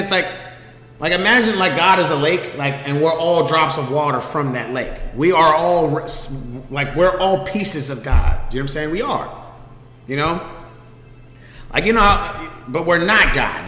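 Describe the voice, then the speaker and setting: A man's fairly high, pushed, bright voice carries a casual, animated story on his own stream, full of free swearing and frequent checks that the listener is following. Long reverb from an echoey room colors the recording.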